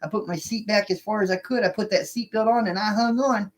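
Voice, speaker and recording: A former cab driver casually telling a story to truckers. The speaker talks in an animated way, repeating lines and restarting sentences. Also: mid-range voice, fairly quick. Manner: animated, repeats lines and restarts while retelling a tense event.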